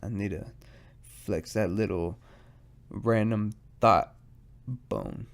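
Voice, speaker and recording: Speaking slowly in a steady, fairly low voice, a stoned podcast host rambles through a casual solo monologue. He swears freely and keeps making fun of himself.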